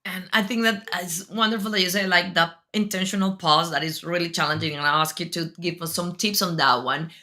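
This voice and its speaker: A woman's voice: fairly low pitch, steady tone, a little fast, hardly any pauses, pushed and bright. A woman hosting an interview whose first language is Spanish. She speaks earnestly and thinks aloud as she goes. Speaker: host. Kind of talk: interview talk.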